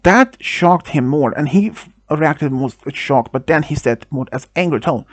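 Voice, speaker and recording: A man whose first language is Swedish tells a first-person story, halting with restarts and non-native phrasing. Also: on the high side, expressive, no room sound.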